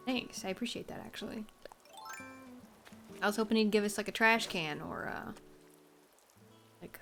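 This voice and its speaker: A woman's voice: mid-range voice, fairly bright tone. A woman streamer chatting casually while she plays a game, wry and self-mocking with rambling asides. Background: faint game music.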